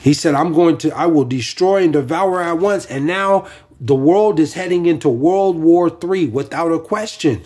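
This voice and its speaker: A man's voice: a little high, normal speed, a little mellow, breathy edge. A man preaching informally from scripture, rambling with many fillers and restarts.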